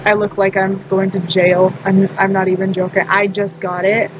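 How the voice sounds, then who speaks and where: A woman's voice: mid-range voice, flat delivery, moderate pace, lo-fi sound, noisy background. A woman in her twenties rambling through a casual personal story, laughing often and poking fun at herself. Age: 20s. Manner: laughs often, self-deprecating. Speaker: storytime vlogger.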